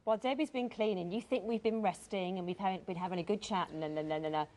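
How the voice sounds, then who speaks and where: A woman's voice: medium pitch, fast talker, darkish tone, rough recording. A woman presenting on a shopping channel, chatty, reading out prices and item numbers. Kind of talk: television presenting.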